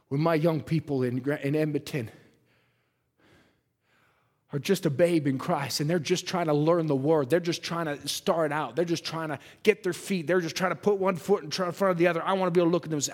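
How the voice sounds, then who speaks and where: A man preaching a sermon, retelling a Bible story in an animated, dramatic way. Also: a little high, brisk. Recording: echoey hall reverb.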